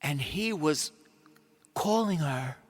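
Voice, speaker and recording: A man's voice: a little high, expressive, takes it slowly, in a large hall, soft background music. A male priest giving a retreat sermon, telling the story animatedly, acting out voices and sometimes dropping to whispers. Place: large church.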